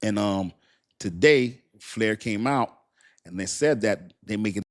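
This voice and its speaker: A man's voice: fairly low pitch, a little slow. A man hosting a casual crypto live stream, chatty and repetitive, often thanking his viewers. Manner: chatty, repeats himself, thanks viewers warmly.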